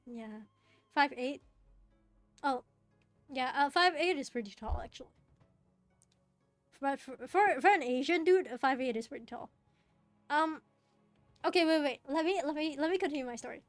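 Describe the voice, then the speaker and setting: Young woman streamer, high and bubbly, giggly rambling chat, dry close mic, faint music under it. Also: moderate pace, long pauses, no echo. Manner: giggly, rambling with many fillers and restarts. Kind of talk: casual chat while gaming.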